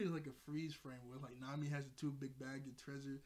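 A man's voice: mid-range voice, little pitch movement, fast talker, hardly any pauses, darkish tone. A young man reviewing an anime episode at home, rambling casually, laughing often and repeating himself. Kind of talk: casual chat. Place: home room, seated in a chair.

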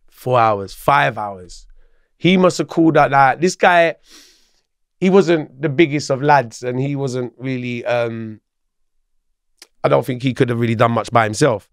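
A man from London, a podcast guest, telling a story in an animated, slangy way with plenty of swearing. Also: medium pitch, measured pace, pauses often, no room sound, studio quality. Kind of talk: casual storytelling.

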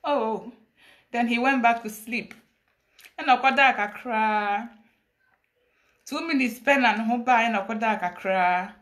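A woman's voice: on the high side, measured pace, pauses often, a bit bright. A Ghanaian woman giving a dramatic, preachy confessional monologue on a social media live stream, mixing English and Twi. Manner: preachy, dramatic, laughing storytelling mixed with Twi. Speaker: livestreamer confessing.

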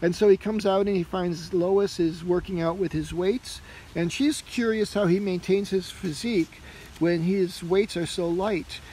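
Male comic reviewer, high-ish voice, casual and meandering, filler-heavy delivery. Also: fairly even intonation, measured pace, warm tone, slight background noise, rough recording. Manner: rambling, heavy on fillers like "you know" and "uh".

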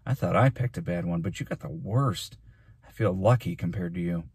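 A blunt young schoolgirl, as a man reads her in a storybook, stated plainly. The voice stays low and husky, close to the reader's own, in a dry sound. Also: normal speed, darkish tone, heavily acted. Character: blunt young schoolgirl, sympathetic but relieved.

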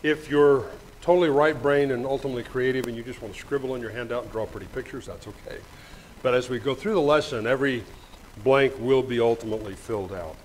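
An older man preaches a Sunday sermon from a church microphone. His voice sits at a middle pitch, and his talk is folksy, full of small jokes. When he reads scripture he slows right down, with a faint hum underneath. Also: poor audio. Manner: folksy, joking asides, reads scripture slowly. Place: church sanctuary. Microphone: microphone with monitor.

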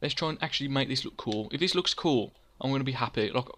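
Young man, casual gameplay commentary, rambling, jokes at his own expense, middle pitch. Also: fast, a bit bright, slight background noise. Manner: rambling, self-mocking, talks to himself by name. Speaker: let's play host.

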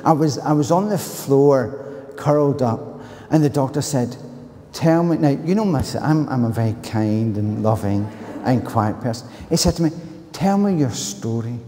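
Glaswegian preacher, male, animated storyteller, mid pitch, echoing church hall. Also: moderate pace. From Scotland. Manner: animated storytelling, bursts into loud higher-pitched retorts. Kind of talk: sermon with personal story. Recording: long reverb of a church hall.

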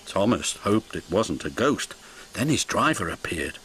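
A man reading a children's story aloud with a very lively, sing-song delivery that leaps up and down. A music bed plays under his narration. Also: on the low side, a little slow.

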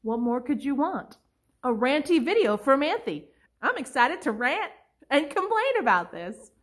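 A woman's voice: sits high, big pitch swings, a little slow. A young woman book vlogger giving a sarcastic, exasperated rant, now and then mocking others in put-on voices. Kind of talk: ranting vlog commentary.

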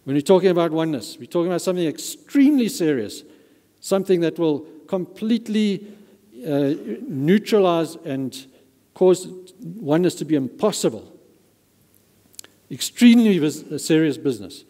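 A male pastor preaches with emphatic stress and repeats words to drive a point home. His voice is warm and mellow. The sound carries a long reverb from the church hall. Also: on the high side, big pitch swings, moderate pace. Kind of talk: sermon.

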